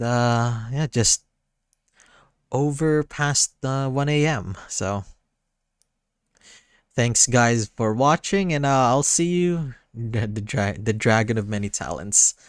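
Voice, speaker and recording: Laid-back, slow-talking male streamer. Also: mid-range voice, smooth, dry recording. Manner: easygoing, self-deprecating. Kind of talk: casual livestream chat.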